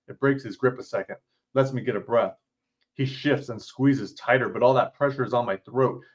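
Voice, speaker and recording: A man's voice: medium pitch, lo-fi sound. A man, author and podcast host, reading his interactive story aloud with blunt, casual asides and free swearing.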